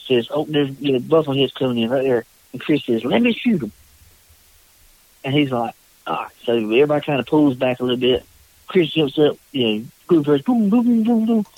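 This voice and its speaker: A man from North Carolina, a podcast guest telling a story in a casual, animated way and raising his voice for the quotes. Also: mid-range voice, no room sound, narrow, tinny audio. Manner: animated, acts out quotes in a raised voice.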